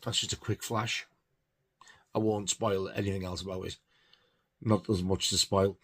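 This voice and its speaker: A man's voice: low voice, little pitch movement, normal speed, husky. A man giving a casual, rambling film review, hesitant with many fillers. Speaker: film collector reviewing horror films.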